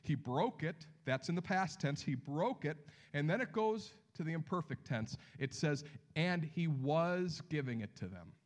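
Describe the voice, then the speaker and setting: A man preaching a sermon as pastor, telling the story with lively acted-out voices and dropping to hushed near-whispers for emphasis. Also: fairly high pitch, a little slow.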